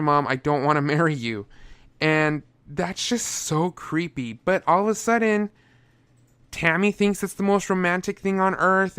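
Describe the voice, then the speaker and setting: A man's voice: on the high side, a bit bright, smooth, no room sound. A young man reviewing a movie in a casual, sarcastic way, often breaking into exasperated outbursts.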